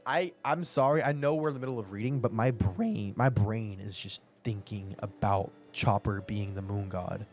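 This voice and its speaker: A man hosting an anime reaction, excitable, swearing and talking to his chat. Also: on the low side, moderate pace, hardly any pauses, soft background music.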